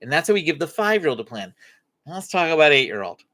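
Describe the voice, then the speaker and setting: A woman's voice: deep voice, big pitch swings, quick pace, fairly bright tone. A woman hosting a faith-based parenting Q&A live stream, acting out short parent-child dialogues as she teaches.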